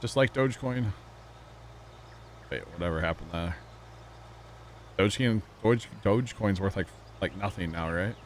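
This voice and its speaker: A man with a low, deep voice hosting a gaming stream. He rambles chattily, addressing his chat and his co-host in loose, easygoing talk, with faint background noise under the audio. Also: normal speed, pauses often. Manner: rambling, chatty, talks to chat, laughs often. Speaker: livestream host. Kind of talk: casual chat while gaming.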